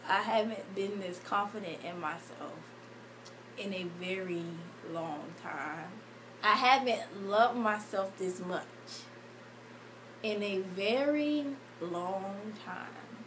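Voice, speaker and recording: Tearful young woman, slow halting speech. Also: medium pitch, background noise. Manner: halting, emotional, many fillers and restarts. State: tearful, crying. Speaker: vlogger. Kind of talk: emotional storytime vlog.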